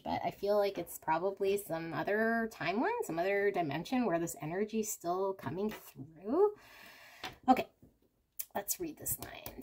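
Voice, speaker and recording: A woman giving a casual pick-a-card reading, talking candidly and thinking aloud. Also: mid-range voice. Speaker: tarot card reader.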